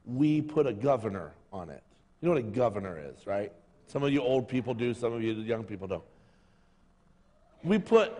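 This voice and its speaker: A man's voice: mid-range voice, a little mellow. A middle-aged man preaching a sermon as pastor, telling jokey stories and acting out voices. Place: church sanctuary. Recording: long reverb of a hall.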